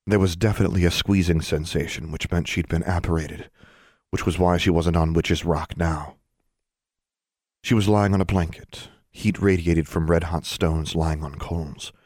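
Deep-voiced man reading a story, dry. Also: fairly even intonation, moderate pace, darkish tone, no echo. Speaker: audiobook narrator. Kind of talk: scripted narration.

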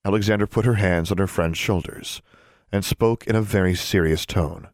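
Male audiobook narrator, low register, animated delivery, dry booth sound. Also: moderate pace, no room sound. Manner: expressive storytelling. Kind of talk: scripted narration.

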